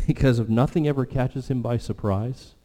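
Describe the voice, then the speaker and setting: A man preaching a sermon as pastor, earnest, with animated stretches and hushed prayerful moments. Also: mid-range voice, normal speed. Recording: long hall reverb.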